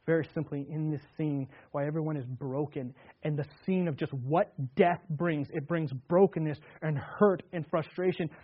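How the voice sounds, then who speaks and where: A man preaching an earnest sermon in a slightly high voice, leaning hard on key words and then sinking into hushed, quiet tones. The sound is thin and tinny, like a phone-line radio broadcast. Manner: earnest, repetitive restarts, swings between loud emphasis and hushed tones. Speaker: pastor.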